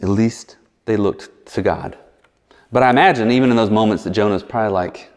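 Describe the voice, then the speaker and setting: A man's voice: on the low side, a little fast, darkish tone. A man preaching a sermon as a pastor, chatty and verbose, full of asides and jokes. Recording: long reverb in a large hall.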